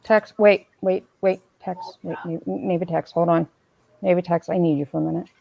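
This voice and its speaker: A woman's voice: fairly low pitch, fairly even intonation, moderate pace, gravelly, dry recording, lo-fi sound. A woman hosting a casual livestream, rambling and calling out viewers by name as she reads their comments. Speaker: streamer host reading chat.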